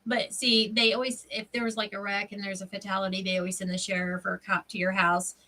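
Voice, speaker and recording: A woman, hosting a craft livestream and telling stories in an animated way, laughing often. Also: medium pitch, fast, distant mic, rough recording. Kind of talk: casual chat while crafting.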